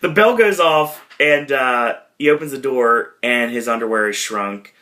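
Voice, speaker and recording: Bright-voiced man rambling through a recap. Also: mid-range voice, measured pace. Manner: rambling, many fillers and self-corrections. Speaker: podcast host. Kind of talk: casual film recap.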